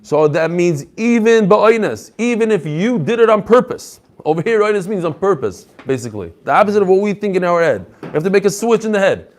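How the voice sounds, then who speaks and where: Animated man teaching a Talmud class. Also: high-pitched, fairly quick, few pauses. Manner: animated, rhetorical questions, mixes English with Hebrew and Aramaic terms. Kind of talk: lively Talmud lecture to a live group.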